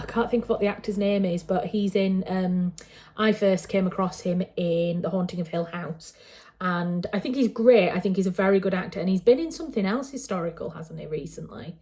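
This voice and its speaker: Mellow-voiced Yorkshire woman rambling on. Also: medium pitch. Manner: chatty and digressive, with frequent fillers and self-corrections. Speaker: writer and channel host. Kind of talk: casual trailer reaction commentary.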